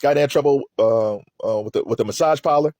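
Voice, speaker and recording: A man's voice: medium pitch, fairly quick, dark tone, no echo, studio quality. A man giving casual, rambling commentary on a court trial, laughing often and restarting his sentences.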